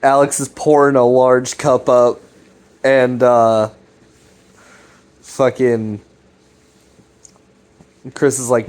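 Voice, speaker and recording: Man, casual rambling recap, loose and sweary, lots of ums and restarts, middle pitch. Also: level tone, slow, pauses often, a little mellow, smooth. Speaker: channel host recapping a web series.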